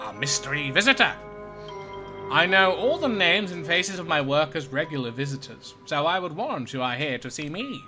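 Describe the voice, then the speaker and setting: A man's voice: fairly high pitch, expressive, moderate pace, over music, natural voice. A man voicing a pompous, theatrical male doctor with grand, formal manners, reading game dialogue aloud. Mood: grandly courteous.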